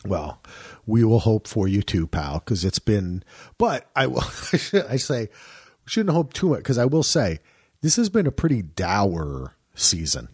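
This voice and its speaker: A man's voice: lowish voice, a little slow, husky, no room sound, clean studio sound. A man co-hosting a podcast, chatting casually and animatedly about a reality show, often laughing. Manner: animated, laughs, mimics people in quoted bits. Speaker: podcast co-host. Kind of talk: casual chat.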